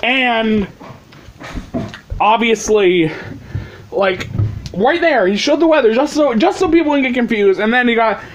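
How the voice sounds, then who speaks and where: A man with a notably high voice rants to camera in a loose, sarcastic, heavily profane way. He wanders off track and circles back, and a faint hiss sits under the recording. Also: animated, measured pace, pauses often, muffled recording. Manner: rambling, sarcastic, swears constantly. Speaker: vlogger. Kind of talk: profane ranting commentary.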